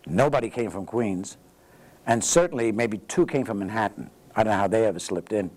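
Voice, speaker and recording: Speaking fairly quickly in a lowish voice, this Bronx veteran in his 80s relates his story to an interviewer. He's an energetic raconteur who voices the dialogue himself, though the recording is rough.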